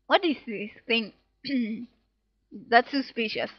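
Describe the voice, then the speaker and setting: Woman let's-player, higher voice, playful reading of game text, dull dry home mic. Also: sing-song, slow pace, dry recording. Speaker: let's play gamer. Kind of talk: casual gameplay commentary reading dialogue aloud.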